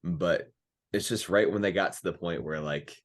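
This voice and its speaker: A man's voice: sits low, moderate pace. A man chatting casually on a movie podcast, hesitant and rambling, full of "like" and "um". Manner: hesitant, full of "like" and "um", restarts often. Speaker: podcast co-host. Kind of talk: casual movie review chat.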